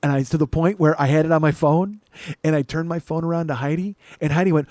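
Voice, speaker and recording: A man's voice: on the high side, quick pace, darkish tone. A man hosting a comedy podcast, telling a story in a profane, ranting monologue. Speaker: podcast host.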